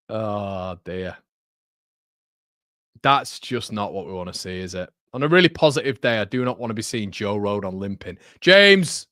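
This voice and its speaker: A young man hosting a live football watchalong, chatty and excitable, jumping from loud outbursts to muttering. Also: medium pitch, dry recording, studio quality. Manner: excitable, chatty, swings between shouting and muttering. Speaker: watchalong host. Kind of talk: live match watchalong commentary.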